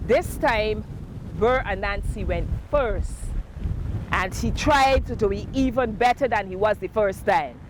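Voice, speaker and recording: A woman telling a folk tale in a lively, sing-song way, with dramatic pauses. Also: mid-range voice. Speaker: storyteller. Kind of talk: folk tale storytelling with singing. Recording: windy outdoor mic noise.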